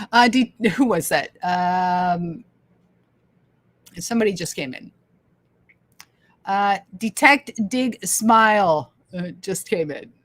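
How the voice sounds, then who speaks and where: Her voice is on the low side and animated, moving at a slow pace with long pauses. This woman from Canada hosts a casual livestream, reading comments aloud with enthusiasm, frequent laughter, and repeated phrases.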